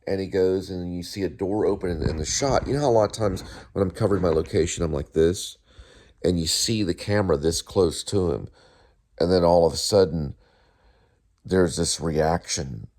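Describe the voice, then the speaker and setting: A man's voice: low voice, normal speed, darkish tone. A middle-aged man hosting his own show, rambling through a casual monologue with many restarts and asides. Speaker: host.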